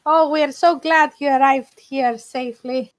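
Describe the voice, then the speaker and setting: A woman playing a tabletop game in character, asking measured, earnest questions. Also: high voice, fairly even intonation, dry recording. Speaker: player.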